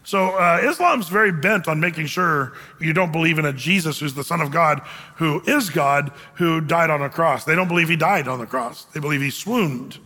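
A man's voice: a little high, sharp tone, long reverb tail. A man preaching a sermon in an emphatic, conversational way, acting out quotes as he goes. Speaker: pastor.

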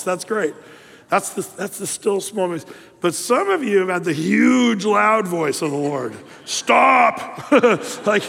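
High-voiced pastor in a reverberant hall. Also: male voice, vocal fry, fairly bright tone. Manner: conversational, with fillers and asides. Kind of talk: sermon.

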